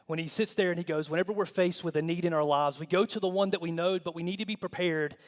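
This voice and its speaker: A man pastor preaching a sermon, animated and humorous, acting out quoted voices. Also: high-pitched, fast. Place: church sanctuary. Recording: long hall reverb.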